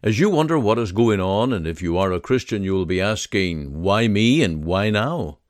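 A man giving a scripted devotional message, reading scripture and leading a prayer in a slow, measured, solemn way. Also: lowish voice, animated, no room sound, clean studio sound.

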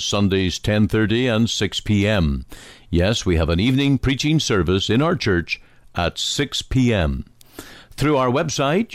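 A man's voice: fairly low pitch, dry recording, clean studio sound. A male pastor preaching on radio with dramatic rhetorical questions, then signing off the program. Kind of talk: radio sermon and program sign-off.

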